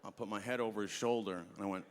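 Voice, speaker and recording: A man doing an animated stand-up story, acting out the voices of the people in it. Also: lowish voice, quick pace, a little hiss or hum. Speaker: stand-up comedian. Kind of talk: stand-up routine. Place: comedy festival stage. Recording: stage recording with long hall reverb.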